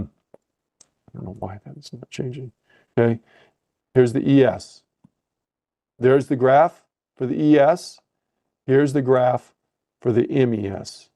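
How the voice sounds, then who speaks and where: In a live webcast lesson, a man talks through his clicks in trading software, thinking aloud and stopping to correct himself. His voice sits at a medium pitch.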